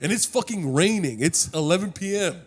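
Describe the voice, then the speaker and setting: Animated, profane young man telling a story. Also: sits high, brisk, breathy edge. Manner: animated, profane, quotes people in his story, frequent "dog" and "bro". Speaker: podcast co-host telling a story. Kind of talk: casual storytelling chat.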